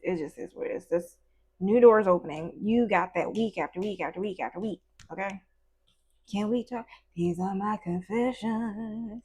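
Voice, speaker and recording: A woman's voice: medium pitch, moderate pace, a little mellow, breathy edge. Woman tarot reader, casual and playful, chatty with slang and asides to spirit. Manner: acts out little quoted voices in between.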